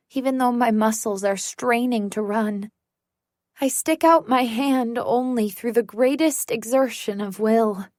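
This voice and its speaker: Woman audiobook narrator, unhurried suspense read, dry studio sound. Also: on the high side, no echo. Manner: measured, suspenseful storytelling. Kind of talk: first-person thriller narration.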